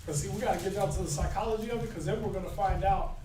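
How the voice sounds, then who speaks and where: A man's voice: high voice, very fast, background noise. A man teaching a scripture class in an informal sermon style, talking conversationally and often checking in with "right?". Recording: echoey room recorded from far off.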